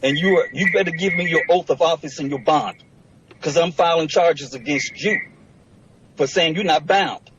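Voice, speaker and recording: A man's voice: fairly high pitch, moderate pace, a bit bright, dull audio, a little hiss or hum. A man representing himself in a courtroom, lecturing and arguing combatively with the judge. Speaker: self-represented litigant in court. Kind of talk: courtroom argument.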